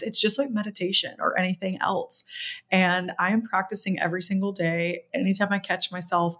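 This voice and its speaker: A young woman hosting a podcast, telling a personal story in a chatty, animated way and acting out quoted dialogue. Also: fairly low pitch. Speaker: podcast host. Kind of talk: casual solo podcast storytelling.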